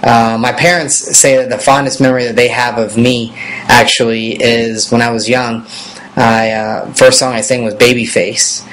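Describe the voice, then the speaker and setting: A man in his thirties, a pop singer, answering fan questions in a relaxed, rambling way, with many fillers. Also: medium pitch, normal speed, a little hiss or hum, poor audio. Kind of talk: casual video Q&A.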